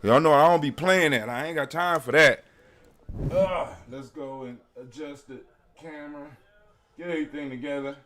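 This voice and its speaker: A man's voice: on the high side, moderate pace. A man hosting a live stream in a casual chat, laid-back and teasing, talking straight to his viewers. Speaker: live show host. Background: loud hip hop music.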